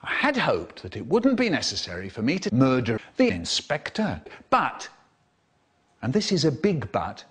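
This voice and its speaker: A man telling a story with animated, theatrical delivery, acting out quoted characters with sudden high squeals and hushed drops, cut into a comedy remix. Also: normal speed, breathy edge.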